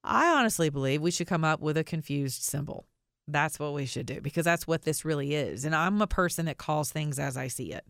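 Low-voiced woman with blunt, emphatic commentary. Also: lively intonation, a bit bright, no room sound, studio quality. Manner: emphatic, stresses single words slowly for effect; blunt and sarcastic. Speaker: podcast host. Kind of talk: opinionated commentary monologue.

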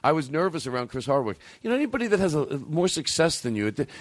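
A man's voice: fairly high pitch, fast talker, no echo. A man hosting a comedy podcast, rambling and swearing in casual banter. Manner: profane, rambling, animated. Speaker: podcast host.

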